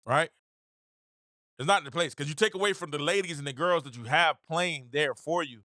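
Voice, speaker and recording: A man's voice: on the high side, moderate pace, sharp tone, no echo, studio quality. A man hosting his own show, giving opinionated casual commentary, repeating phrases for emphasis and acting out quotes. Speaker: podcast host.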